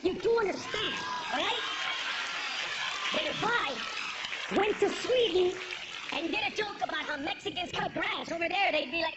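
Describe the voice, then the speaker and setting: Woman comedian, high voice, stand-up set, punchy delivery, lo-fi recording, background noise. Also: normal speed. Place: stage before a live audience.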